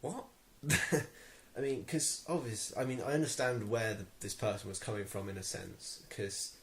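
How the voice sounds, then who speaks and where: A man's voice: fairly low pitch, moderate pace, creaky. A young man with an English accent, ranting to camera in a vlog, irritated and rambling with many ums and restarts. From England. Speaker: vlogger.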